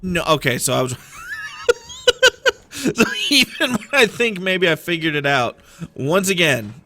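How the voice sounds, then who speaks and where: A man's voice: fairly high pitch, very animated, measured pace, bright, forceful tone. A man streaming a game, giving rambling, playful, self-deprecating commentary. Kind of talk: casual gameplay commentary.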